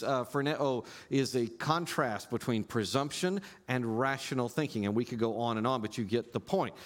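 A male pastor preaching a sermon in an animated way, rising to loud emphasis and dropping to quiet asides. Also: mid-range voice, big-room sound.

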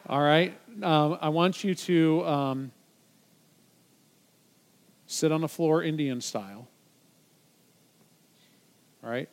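Guy preaching in church, kinda high voice, chatty and encouraging, joking around on stage. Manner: conversational, encouraging, with playful stage banter. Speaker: pastor. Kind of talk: sermon.

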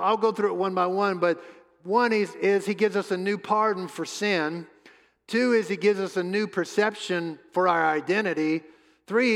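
A man preaching a sermon as pastor, emphatic, repeating his words and pausing often. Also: high-pitched, a bit bright. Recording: long hall reverb.

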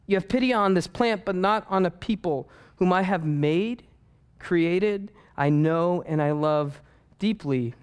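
A pastor preaching a sermon, telling a story with lively humor and playful asides. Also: male voice, high voice, measured pace, clean tone.

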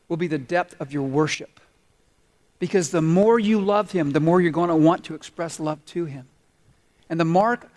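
A male pastor preaching a sermon in church, often pausing to ask the congregation to finish his sentences. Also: fairly high pitch. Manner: asks the congregation to fill in words.

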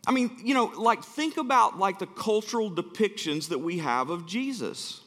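A man's voice: sits high, expressive, moderate pace, fairly bright tone, long reverb tail. A middle-aged man from Alabama, preaching as a guest speaker and telling self-deprecating stories in a chatty, joking way. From Alabama, USA. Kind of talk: sermon. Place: church sanctuary.

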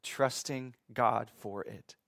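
A man teaching from the Bible in a sermon, reading scripture slowly and asking his listeners questions that he then answers himself. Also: mid-range voice, fairly even intonation, vocal fry, a bit bright, no room sound. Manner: reads scripture slowly and deliberately. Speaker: preacher.

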